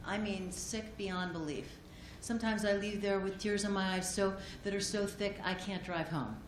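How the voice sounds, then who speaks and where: Woman giving an earnest acceptance speech at a conference, soft-spoken with restarts, in an echoey room. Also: medium pitch, fairly even intonation. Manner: gentle, halting, many fillers and restarts. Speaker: award acceptor speaking for a doctor. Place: conference hall. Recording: echoey hall, audience noise.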